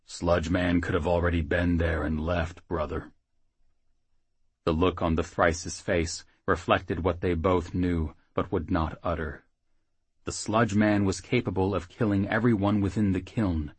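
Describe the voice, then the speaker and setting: A man narrates a fantasy audiobook in a steady, even read. His voice is very low and husky. The sound is close and dry, with no room at all. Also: no echo.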